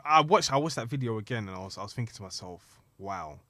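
A man's voice: medium pitch, lively intonation, rapid-fire, pushed and bright, a little hiss or hum. A man in casual chat with friends, slangy and repeating himself as he talks.

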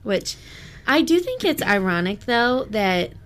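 A woman's voice: on the high side, big pitch swings, measured pace, fairly bright tone. A young woman co-hosting a casual book podcast, laid-back, swearing casually and reading quotes aloud. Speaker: podcast co-host.

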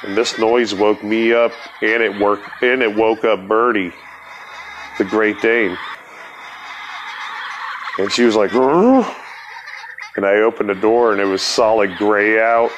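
A man's voice: on the low side, little pitch movement, a little slow, pauses often, a bit bright, highs cut off, a little hiss or hum. A man telling a rambling, profane story as a podcast host, laughing as he talks. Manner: laid-back, profane, laughs through story.

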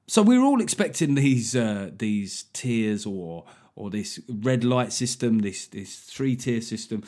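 A male comedian in his forties talks through a casual podcast monologue. He is animated and self-mocking, throws in frequent swearing, and has a mid-range voice. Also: medium pitch, a little slow. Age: 40s.

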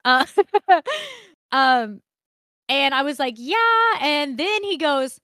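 A young woman co-hosting a podcast, telling a story in casual chat, animated, laughing often and swearing freely. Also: high-pitched, slow, dry recording, studio quality. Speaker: podcast co-host.

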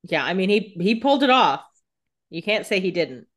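A woman co-hosting a casual recap chat, chiming in with quick reactions and laughing. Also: medium pitch, very animated. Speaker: podcast co-host.

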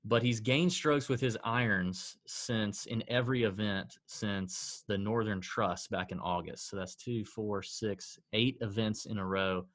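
A podcast co-host on a casual sports betting show speaks with a fairly low, fairly bright voice, unhurried and nearly pause-free. He rattles off stats between sighs and dry jabs at himself.

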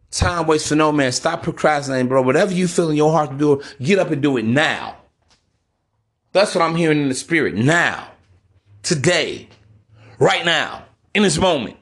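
A man hosting a podcast monologue, preachy and casual, with slang and constant "man" and "bro.". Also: a little high. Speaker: podcast host.

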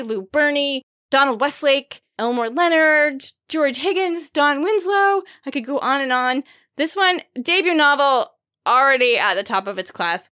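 A woman's voice: sits high, pushed and bright, clean tone. A woman co-hosting a casual book podcast, enthusiastic and gushing about books. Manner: enthusiastic, gushing, many fillers. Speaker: podcast co-host.

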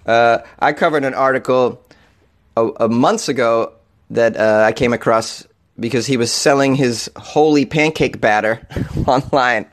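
A man's voice: mid-range voice, measured pace. A man hosting an odd-news show, reading stories aloud and riffing on them with sarcastic, profane jokes and frequent laughter.

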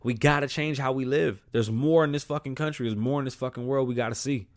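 Talking fast in a mid-range voice, a man hosts his own podcast, delivering a solo rant packed with profanity as he switches between English and Spanish.

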